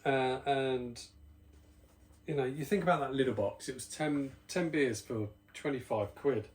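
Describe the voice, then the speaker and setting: Casting: man from the UK, mid-pitched everyday voice, rambling casual beer-review host, a little breathless. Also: unhurried. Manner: chatty, rambling, self-deprecating asides. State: slightly out of breath.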